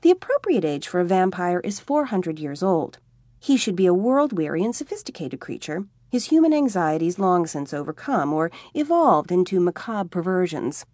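A woman reads a comic novel aloud in a wry, expressive voice. Her pitch rises and falls a lot as she shapes each sentence. The recording is close and dry, with no room echo. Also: moderate pace. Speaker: audiobook narrator. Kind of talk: scripted narration.

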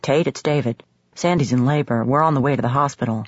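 An urgent young husband rattling off news quickly, as a woman reader puts him on, low and husky. The audio is close, dry and a little dull. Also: no room sound. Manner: rushed, urgent. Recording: slightly muffled audio.

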